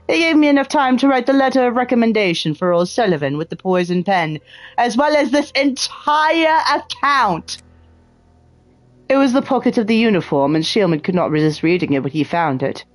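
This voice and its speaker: A woman streamer reading a detective game's text aloud, her pitch swinging widely as she dramatizes it, then cutting in with sarcastic, profane asides. Her voice is dry and close, with faint music behind her. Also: no echo. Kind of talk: gameplay commentary, reading game text aloud.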